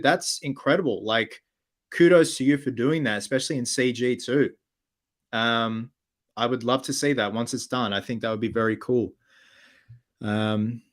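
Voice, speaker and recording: A man at an ordinary mid pitch hosts a relaxed livestream Q&A. He reads viewer comments out loud and answers them in an upbeat, chatty manner, often with fillers. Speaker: cosplayer hosting a livestream. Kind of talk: casual livestream chat Q&A.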